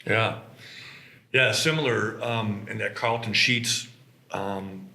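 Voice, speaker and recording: A man recounting how his business began, with a bright, forward voice. He tells his stories with animation and acts out the quotes. The room around him rings with echo. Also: fairly low pitch, fairly even intonation, takes it slowly, vocal fry. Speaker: co-founder of a mobile home business. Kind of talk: casual conversation. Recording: roomy echo.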